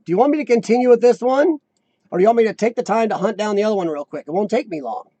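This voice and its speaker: Brief: American man hosting a live chat stream, high-pitched, rambling and talkative, dry close mic. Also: expressive, rapid-fire, mellow, no echo. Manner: chatty, rambling, reads chat aloud.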